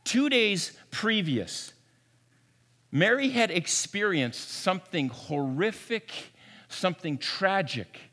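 A male pastor preaching an Easter sermon, swinging from hushed to emphatic and often repeating words, in a church sanctuary. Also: high voice, lively intonation, slow. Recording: long reverb of a large room.

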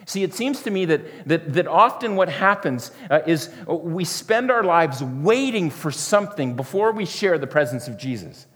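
Casting: male preacher, fairly high voice, earnest sermon delivery with hushed passages, long hall reverb. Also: animated, normal speed, hardly any pauses. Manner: earnest, repetitive, often dropping to a soft hush.

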